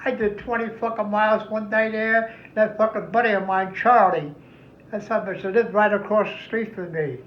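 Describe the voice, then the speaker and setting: A man's voice: sits high, fairly even intonation, normal speed. An older man, a veteran, recounting his memories in a rambling, heavily profane oral history interview. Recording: echoey, somewhat muffled room recording.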